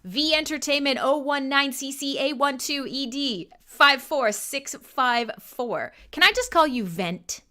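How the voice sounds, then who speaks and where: A woman's voice: high voice, measured pace, few pauses, pushed and bright. A Canadian woman hosting a live radio stream, chatting casually and irreverently with listeners, swearing freely and laughing often. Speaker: radio show host.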